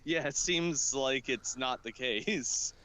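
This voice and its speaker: A man's voice: mid-range voice, slow pace, sharp tone. A man co-hosting a casual podcast chat who keeps asking follow-up questions. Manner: inquisitive, asks follow-up questions. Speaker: podcast co-host.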